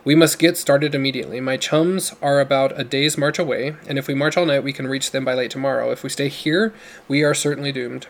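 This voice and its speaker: A man voicing a gruff, commanding older father who talks in a booming, demanding way. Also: fairly even intonation, a little fast, lightly acted. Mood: urgent, commanding.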